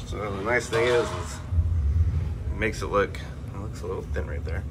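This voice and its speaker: Low male voice, casual car vlog, rambling with fillers, faint background noise. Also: moderate pace. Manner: rambling, plain-spoken, lots of fillers and restarts. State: coughing, clearing his throat. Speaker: car restoration vlogger. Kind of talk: casual talk to camera.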